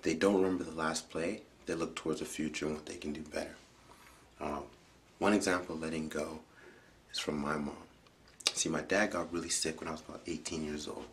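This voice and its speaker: A man from Canada giving an earnest personal storytelling speech, often dropping into hushed near-whispers for emphasis. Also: a bass voice, steady tone, fairly quick, a little hiss or hum. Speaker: public speaker.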